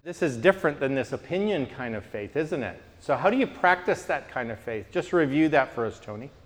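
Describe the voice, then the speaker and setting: A man from Canada leading a group teaching discussion, telling stories with lively restarts. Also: mid-range voice, a little fast, big-room sound. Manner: animated storyteller, frequent restarts.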